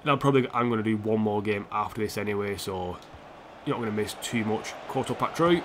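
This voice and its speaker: Speaking fast in a fairly low voice, this streamer plays a football career mode and chats casually with viewers. He reacts to the match, answers chat, and mocks himself. There's background noise in the recording.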